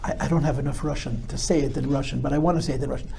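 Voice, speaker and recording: Man, rabbi, live talk to an audience, gravelly voice, reflective then emphatic. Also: medium pitch, fairly even intonation, very fast, heavy background noise. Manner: reflective, rising to emphatic bursts.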